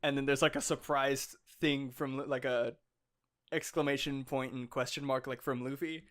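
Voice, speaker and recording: A man co-hosting a podcast in casual chat, excitable and laughing often, swearing freely and acting out the lines he retells. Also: mid-range voice, moderate pace. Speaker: podcast co-host.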